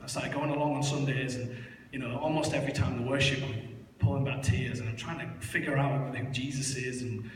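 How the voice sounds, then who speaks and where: A man's voice: mid-range voice, fairly even intonation, fairly quick, soft background music. A young man tells his life story in church, candid and self-mocking, with many fillers. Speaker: church member giving testimony. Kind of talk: personal testimony in church. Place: large church hall. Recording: echoey hall, voice heard from far off.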